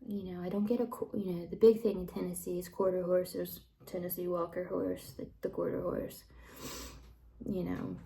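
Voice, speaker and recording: A woman telling personal stories in a casual monologue, rambling along and dropping into soft whispered asides. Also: on the low side, creaky, rough recording.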